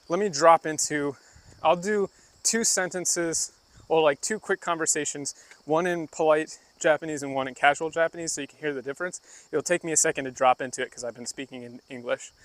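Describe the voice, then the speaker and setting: A vlogger chats casually with his livestream audience while walking a rural path near the woods, answering chat and demonstrating Japanese phrases. His slightly high, fairly bright voice is loose and conversational at a fairly quick pace, with no echo. Crickets and insects chirp around him.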